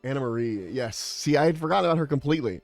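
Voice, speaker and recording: A man's voice: mid-range voice, expressive, racing, a little mellow, no echo, soft background music. A young adult man streaming, chatting casually in a rambling, exasperated, profane way. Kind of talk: casual livestream chat.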